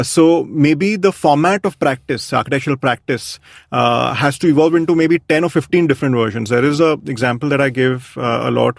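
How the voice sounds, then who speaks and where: A man talks through his ideas slowly and reflectively, pausing on fillers and restarting his sentences. His voice has a gravelly, fry-tinged texture. The recording is dry and close, with no room sound. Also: mid-range voice, no echo. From India. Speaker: architect, interview guest. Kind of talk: thoughtful conversational interview.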